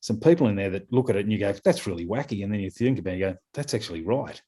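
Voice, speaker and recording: A middle-aged man with an Australian accent talks in a casual podcast interview. His voice sits fairly low. He rambles and circles back, with plenty of fillers and repeated words. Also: animated, very fast, mellow, husky. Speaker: guest, scrum coach.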